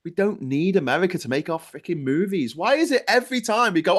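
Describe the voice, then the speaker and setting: A man's voice: high voice, animated, fast talker, few pauses. A British man co-hosting a casual political chat, ranting with energy, swearing freely and mimicking people in a raised voice. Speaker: co-host.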